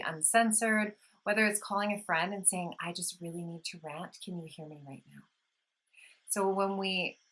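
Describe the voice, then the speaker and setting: A woman vlogger gently explaining calming practices in a soothing, unhurried talk, with audible sighs when she demonstrates breathing. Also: fairly low pitch, low-quality recording. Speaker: wellness vlogger. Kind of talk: casual instructional talk.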